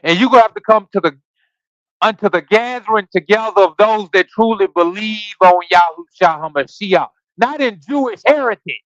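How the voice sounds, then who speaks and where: A man's voice: high voice, expressive, moderate pace, no echo, highs cut off. A man hosting a livestreamed Bible study, reading scripture aloud and then riffing on it in a casual, preachy way while quizzing his listeners. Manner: casual slangy asides between readings. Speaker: scripture study podcast host. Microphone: streaming setup.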